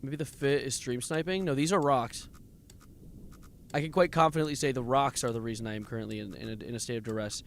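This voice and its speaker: A man's voice: mid-range voice, quick pace, creaky, slight background noise. A man streaming a game live, nervously muttering coordinates, reading chat and breaking into sudden exclamations. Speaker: livestreamer playing a game.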